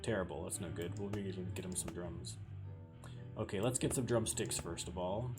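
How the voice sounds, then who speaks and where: A man's voice: low voice, moderate pace. A Canadian man with a Canadian accent giving chatty let's play commentary, wandering off on tangents. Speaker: gaming streamer. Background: game music.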